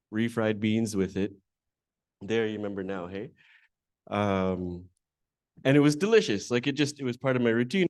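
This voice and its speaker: A medium-pitched man emcees a conference in a hall, first introducing a panel, then conversationally telling the live audience a candid, self-deprecating story about himself. The sound is clean and studio-grade, with no room sound.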